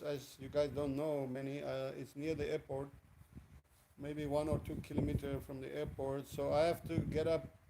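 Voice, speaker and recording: Rambling man, fairly high voice. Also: a little mellow, a little hiss or hum, low-quality recording. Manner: rambling, chatty, greets viewers by name. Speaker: live streamer. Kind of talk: casual live stream chat. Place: indoors in Cebu, Philippines, in the evening.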